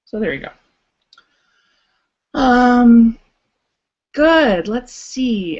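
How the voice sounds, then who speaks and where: A woman's voice: a little high, expressive, slow, long pauses, a little mellow, highs cut off. A woman coach hosting a live online workshop, chatty and playful, with lots of "um" and "like", in casual encouraging webinar Q&A. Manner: chatty, playful, says "um" and "like" often.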